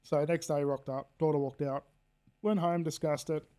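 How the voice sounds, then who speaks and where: Australian guy in his 30s, slightly high but mellow voice, blunt and profane guest storyteller. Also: fairly even intonation, normal speed. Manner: blunt, swears freely, acts out quoted dialogue. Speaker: podcast guest. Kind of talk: candid personal storytelling.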